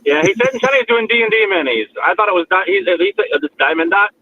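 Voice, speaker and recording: A man's voice: high-pitched, expressive, fast talker, sharp tone. A man chatting as a guest on a livestream, rambling and self-deprecating, with frequent restarts. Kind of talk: casual chat on a livestream. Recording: muffled call audio with faint noise.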